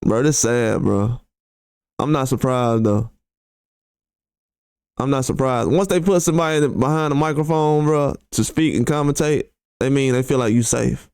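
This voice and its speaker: Man, boxing commentator, casual reaction talk, blunt, slangy, smooth voice, dry close sound. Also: medium pitch, moderate pace, a little mellow, no echo. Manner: blunt and conversational, with slang and rhetorical questions. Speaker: boxing commentary channel host. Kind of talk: casual reaction commentary, reading tweets aloud.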